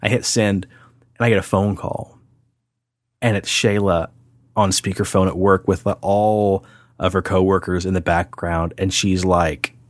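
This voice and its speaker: Low-voiced man telling a story. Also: measured pace. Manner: animated, acts out voices in his anecdote, laughs often. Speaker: podcast co-host. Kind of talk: casual storytelling chat.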